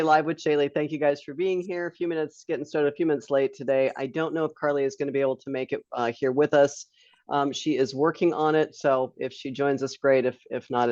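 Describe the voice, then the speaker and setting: A woman's voice: very deep voice, darkish tone, no echo. Webinar host, woman, chatty and loose with laughing asides; dry, muffled video-call sound. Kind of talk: casual live webinar hosting. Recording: dull lo-fi dry online stream.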